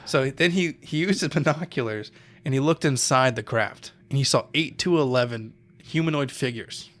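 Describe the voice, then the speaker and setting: A man's voice: medium pitch, normal speed, a bit bright. Young man telling a story, swearing casually. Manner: loose, swears often, laughs, loses his thread. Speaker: podcast co-host telling the story. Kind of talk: casual chat.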